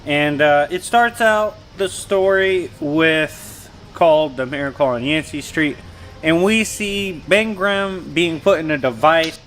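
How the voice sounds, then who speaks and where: A man's voice: fairly high pitch, slow, slight background noise. A man hosting a comics channel, retelling a comic story in casual slang and acting out the characters' lines. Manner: slangy, animated retelling of dialogue. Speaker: comic book channel host.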